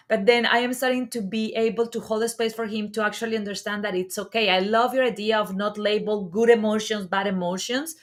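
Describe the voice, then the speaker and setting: A woman hosting a talk show, enthusiastic and animated as she tells stories. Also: medium pitch, brisk, hardly any pauses. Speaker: host. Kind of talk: livestream talk show chat.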